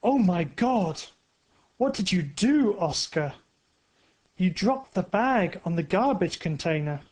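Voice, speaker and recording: A man's voice: high-pitched, animated, slow, darkish tone, exaggerated voice. A man voicing a short-tempered male thief who barks orders in a storybook reading. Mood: angry. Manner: barking orders, impatient.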